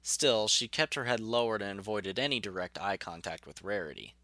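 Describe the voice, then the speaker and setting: A man telling a story in a measured, even way, with a bright, fairly low voice. The sound is close and dry, like a home studio mic. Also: no room sound. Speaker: narrator. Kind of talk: storybook narration.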